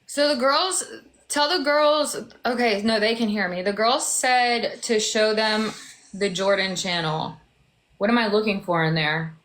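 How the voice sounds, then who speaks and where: A woman's voice: mid-range voice, measured pace, fairly bright tone. A woman guest on a live stream, defending herself and retelling a clip in casual chat.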